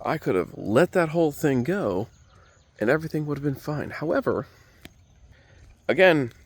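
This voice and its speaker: A man's voice: a little high, lively intonation, normal speed, husky. A man who is a comedian telling a rambling, self-mocking story, with frequent digressions and profanity.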